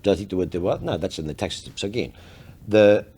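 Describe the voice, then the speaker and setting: A man's voice: low voice, fast talker, husky. An Australian man, a luxury car salesman, telling stories on a casual podcast, swearing constantly and full of energy. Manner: profane, animated storyteller.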